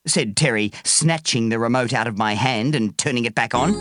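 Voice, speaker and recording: A woman reading a children's book aloud in a slow, expressive way. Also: very deep voice, no room sound, studio quality, faint music behind. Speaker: audiobook reader.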